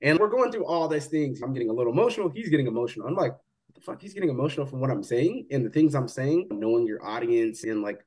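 A man's voice: medium pitch, expressive, a little mellow, slightly rough. A man co-hosting a podcast, talking casually and bluntly, swearing freely and acting out what others said. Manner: fast, blunt, swears freely, acts out quoted talk. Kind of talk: casual chat.

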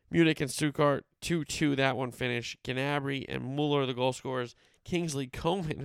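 A man's voice: mid-range voice, vocal fry, clear, resonant tone, no echo, studio quality. A man casually running through soccer scores and previews as a podcast host, rambling and correcting himself as he goes. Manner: conversational, rambling with fillers and self-corrections. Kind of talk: casual sports roundup.

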